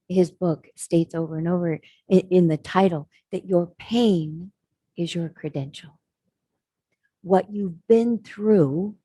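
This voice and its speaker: Earnest woman sermon storyteller, lowish and husky. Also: warm tone, dry recording. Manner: earnest, reflective. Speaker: speaker.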